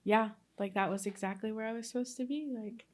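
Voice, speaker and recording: A woman's voice: a little high, fairly even intonation, a little fast. A woman in her thirties from Texas, a nurse telling her story as a guest in a casual interview, talking in a chatty way with many fillers. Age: 30s.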